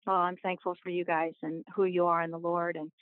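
A woman's voice: on the low side, level tone, brisk, no room sound. Earnest woman guest over a tinny call line. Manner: earnest, devout. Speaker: podcast guest. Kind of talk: heartfelt conversation.

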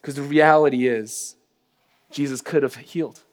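A man preaching a sermon as pastor, earnest, sinking to a hushed low voice on grief and rising sharply for emphasis. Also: steady tone, normal speed, long reverb tail.

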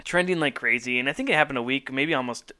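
A man co-hosting a podcast in casual chat, excitable and rambling, laughing often. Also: mid-range voice, fast talker, smooth. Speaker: podcast co-host.

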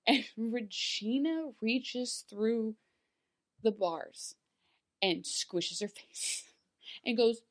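A woman's voice: fairly high pitch, drawn-out words, pauses often. Chatty woman recapping with a laugh. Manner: chatty, animated, many fillers, laughs while talking. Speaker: podcast co-host. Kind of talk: casual recap chat.

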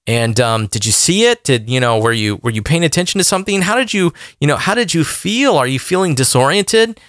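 A man voicing a medical doctor who asks brisk questions in a slightly raised voice. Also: fairly high pitch, expressive, a bit bright, no echo, clean studio sound. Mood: inquiring.

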